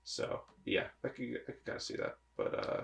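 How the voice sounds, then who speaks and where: A man co-hosting a casual sports podcast, talking haltingly and trailing off mid-thought. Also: fairly bright tone. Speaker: podcast co-host.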